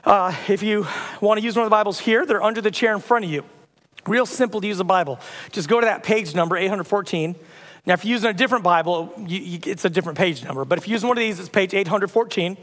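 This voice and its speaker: Man, pastor, sermon, casual storytelling, high voice, long hall reverb. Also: fast talker, a bit bright. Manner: casual conversational storytelling with humor. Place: church auditorium.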